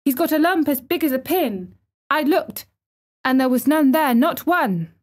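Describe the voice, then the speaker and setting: A woman voicing a fierce, loyal little girl in a very high, shrill voice for a storybook. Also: animated, unhurried. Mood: indignant.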